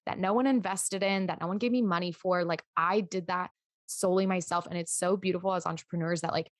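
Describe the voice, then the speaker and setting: A woman's voice: lowish voice, fairly even intonation, quick pace, no echo. A young woman from the United States, a podcast guest and entrepreneur, talking in casual interview chat, emphatic and full of "like". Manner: chatty, emphatic, heavy use of "like".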